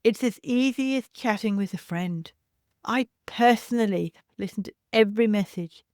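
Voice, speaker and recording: A woman hosts a solo parenting podcast in a gentle, reassuring voice, as if teaching a class. Her speech sounds close and dry, with no room sound around it. She pauses now and then to imitate a baby's cry. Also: medium pitch, dry recording. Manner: imitates baby cries to demonstrate. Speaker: podcast host and childcare educator.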